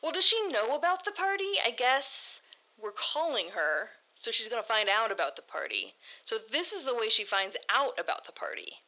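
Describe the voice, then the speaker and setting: A woman's voice: a little high, very animated, normal speed, sharp tone, poor audio. A woman hosting a casual livestream, reading viewer write-ins aloud in a bubbly, giggly, self-deprecating way. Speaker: livestream host. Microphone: desk microphone.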